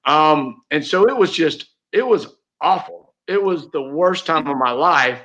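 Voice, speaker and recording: As an interview guest, a middle-aged real estate agent recounts a heartfelt story with earnest feeling and many restarts. His fairly high voice is animated yet unhurried, and a bit bright.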